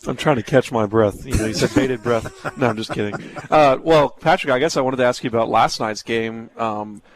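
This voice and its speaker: Male co-host, rapid joking banter. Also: mid-range voice. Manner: joking, teasing. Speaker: radio show co-host. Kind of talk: casual sports talk radio.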